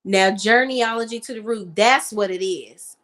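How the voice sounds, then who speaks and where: A woman's voice: medium pitch, normal speed, a bit bright, a little hiss or hum. Woman host, casual reality TV chat, blunt and profane, easy laugh.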